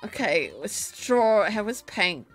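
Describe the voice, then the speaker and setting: A drunk woman streaming from home, talking loudly, rambling and giggling at a desk mic. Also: mid-range voice, lively intonation, slow, soft background music. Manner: loud, rambling, laughing. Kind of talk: casual live-stream chat. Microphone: desk microphone.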